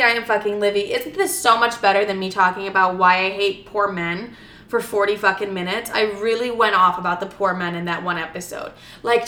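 Young woman doing her solo podcast, swears a lot, kinda high bright voice, echoey room. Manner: chatty, blunt and profane, rambling asides. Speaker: podcast host. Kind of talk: casual solo podcast chat.

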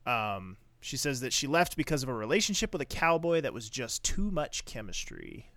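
A man's voice: medium pitch, sing-song, moderate pace, a bit bright, no room sound. A man co-hosting a podcast, recapping a TV episode in blunt, crude, laughing casual chat. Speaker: podcast co-host.

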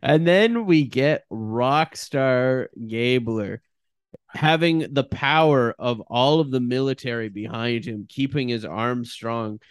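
Relaxed joking man on a podcast. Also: medium pitch, slow pace, clear, resonant tone, dry recording, clean studio sound. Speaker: podcast co-host. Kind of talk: casual recap chat.

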